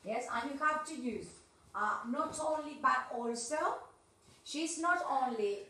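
Woman, English teacher, fairly high voice, checks in with "yes, okay?", echoey room, distant mic. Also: expressive, measured pace, bright, forceful tone. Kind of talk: online class instruction.

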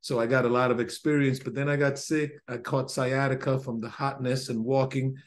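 A man talks on a video call in a loose, rambling way. He sounds excited and often stops to correct himself mid-thought. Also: mid-range voice, a little fast. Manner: rambling and enthusiastic, self-correcting. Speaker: symposium participant. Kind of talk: casual discussion on a video call.

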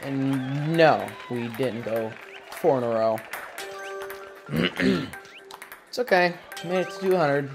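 Slow-talking, cursing gamer; mutters along, then blows up at bad plays, music underneath. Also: mid-range voice, vocal fry. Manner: swears a lot, mutters to self between loud frustrated outbursts. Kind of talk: casual gameplay commentary. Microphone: gaming mic.

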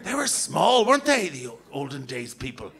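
A man's voice: a little high, wildly swooping pitch, normal speed, vocal fry, a bit bright. A man from Canada doing a rambling, sweary, self-mocking live stand-up set on a comedy club stage, recorded on a handheld mic.

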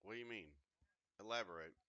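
A man's voice: lowish voice, quick pace, bright, forceful tone, no echo, highs cut off. A man in casual, profane banter with teammates while gaming on a headset mic. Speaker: gamer.

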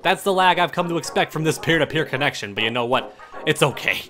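A man giving live gameplay commentary as a channel host, taunting opponents and swearing, dropping low to mutter and then jumping up in excited yelps. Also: fast talker. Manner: trash-talking, taunting, swearing.

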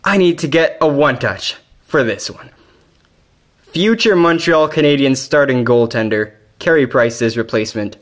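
A man narrating a card-opening session at home in a casual, excitable way, bursting into yelling over big pulls. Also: medium pitch. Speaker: card-collecting YouTuber.

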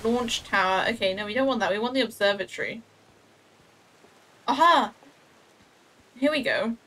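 This young adult streamer's voice is on the high side, bright and forceful, with lively intonation, a moderate pace and a little hiss or hum. Chatty and self-mocking, she talks to herself and her chat while gaming, joking about her clumsy play.

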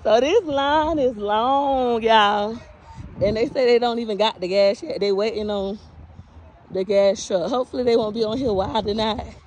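A woman's voice: a little high, moderate pace, darkish tone, a little hiss or hum. A woman from Tampa, Florida, chatting casually into a phone camera while walking outdoors past a long gas line, a bit out of breath and greeting passersby. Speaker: vlogger. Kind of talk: casual walking vlog reporting.

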